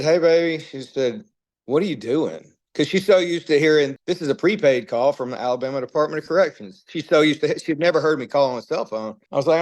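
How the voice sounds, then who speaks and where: A middle-aged man, a guest on an interview podcast, candidly telling long stories in a relaxed, rambling way and acting out quoted dialogue. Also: mid-range voice.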